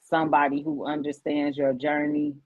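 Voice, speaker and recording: Woman guest, emotional and animated, lowish voice, lo-fi stream audio. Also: normal speed, no echo. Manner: emotional storytelling, animated quoting of others. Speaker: guest, founder of inclusion nonprofit. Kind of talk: casual live-stream interview.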